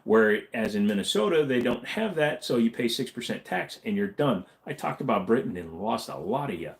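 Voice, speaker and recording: A man's voice: mid-range voice, sing-song, moderate pace, creaky. A man hosting a casual late-night livestream Q&A, rambling and joking as he reads chat messages aloud. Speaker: livestream host.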